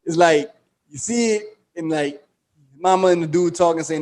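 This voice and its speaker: Man retelling a TV plot, slangy and animated. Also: a little high, normal speed. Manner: animated storytelling, acts out quoted dialogue; slangy, profane. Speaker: podcast co-host. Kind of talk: casual podcast chat.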